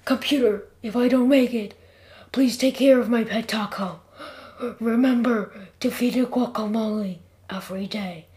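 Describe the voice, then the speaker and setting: A woman voicing a dramatic, excitable young Martian who groans, yelps and whines. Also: medium pitch, normal speed, lightly acted. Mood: weak whisper. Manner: melodramatic, groaning and yelping.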